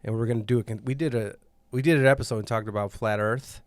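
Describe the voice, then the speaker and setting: A man's voice: medium pitch, fairly even intonation, fast, no room sound. A man hosting a podcast at a comedy club, chatting casually and rambling, often trailing off and starting over. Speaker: podcast host. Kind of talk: casual chat.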